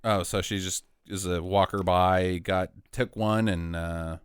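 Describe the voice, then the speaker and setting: A man's voice: sits low, little pitch movement, unhurried, clean tone, dry recording, clean studio sound. A man hosting a casual chat, leading the questions and joking, laughing often. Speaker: podcast host.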